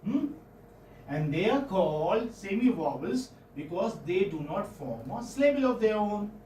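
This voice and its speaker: A man with an Indian English accent teaching phonetics in a classroom, questioning students and repeating sounds slowly. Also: sits high, sing-song, warm tone, slight background noise. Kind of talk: classroom lecture. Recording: echoey classroom, far-off mic, faint ambience.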